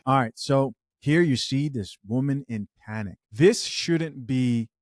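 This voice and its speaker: A man hosting a reaction commentary, talking in a measured, hedging way with disclaimers. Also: medium pitch, darkish tone. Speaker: commentary host.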